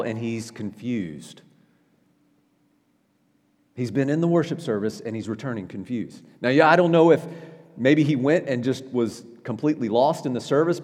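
A man preaching as a pastor in a church sanctuary, his middle-pitched voice carrying with a long reverb through the hall. He keeps it conversational and checks in with the congregation with asides. He often stumbles and restarts his phrases. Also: darkish tone. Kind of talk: sermon.

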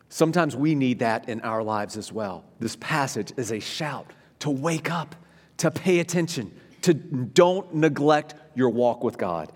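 A male pastor delivers a sermon in an animated way, his voice climbing and falling to stress his points. His voice carries through a large room with a long, lingering reverb. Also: fairly high pitch, moderate pace. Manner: animated, voice rising and dropping for emphasis. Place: church sanctuary.

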